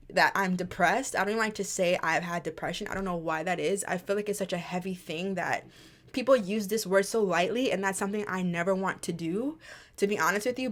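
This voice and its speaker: A young woman talking to her viewers in a personal vlog, soft-spoken and reflective, with frequent fillers and pauses. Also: mid-range voice. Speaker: YouTuber.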